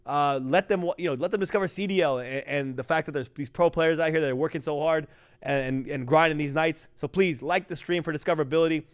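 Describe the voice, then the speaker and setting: A man's voice: fairly high pitch, fast, smooth. A man casting a live esports stream, rambling and joking while talking to chat. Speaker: esports caster.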